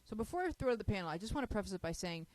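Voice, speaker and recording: A playful woman hosts a casual panel show, keeping the chat moving with plenty of laughter. Her voice sits at an ordinary pitch for a woman and is recorded close and dry, with no room sound around it. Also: sing-song, rapid-fire, a little mellow, no echo. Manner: playful, laughs often, reads listener letters aloud. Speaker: host.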